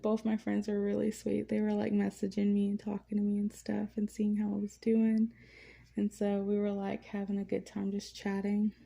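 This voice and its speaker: A woman vlogger chatting at home in a relaxed, rambling way, full of fillers, while she paints. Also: medium pitch, vocal fry. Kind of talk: casual chat. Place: at home, indoors.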